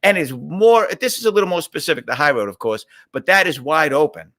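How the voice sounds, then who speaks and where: Man, middle-aged, from Boston, live-stream host, chatty, forceful bright tone, slightly high voice. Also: lively intonation, fairly quick. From Boston, USA. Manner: chatty, reads out viewer questions and rambles into stories. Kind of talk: casual live-stream chat.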